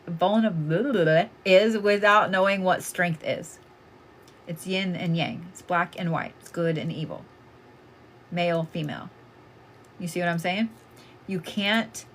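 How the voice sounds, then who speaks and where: Chatty, blunt woman reading oracle cards. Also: fairly low pitch. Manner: blunt, swears freely, animated and chatty. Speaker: oracle card reader. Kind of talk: casual live card reading.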